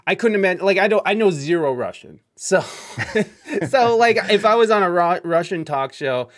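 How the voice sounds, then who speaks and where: A man from Ohio hosting a casual live-stream interview, talking fast and rambling with lots of fillers. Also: sits high, expressive, fairly bright tone. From Ohio, United States. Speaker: podcast host.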